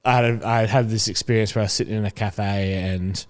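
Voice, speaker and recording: Young male guest, relaxed rambling chat, lower register. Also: a little fast. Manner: chatty, rambling with many fillers. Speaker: podcast guest. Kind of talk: casual chat.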